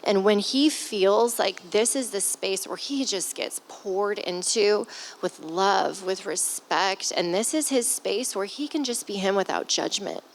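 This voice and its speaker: This stepmother, a guest on a family podcast, is a woman in her thirties with a medium-pitched, expressive voice that runs a little slow. The audio is poor, with slight background noise. She speaks candidly and from the heart, close to crying, sighing and swearing here and there.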